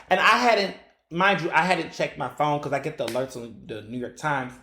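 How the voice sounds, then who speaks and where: A man hosting a solo podcast, telling stories in an animated way and acting out his own exclamations. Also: fairly high pitch, measured pace, reverberant. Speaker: podcast host.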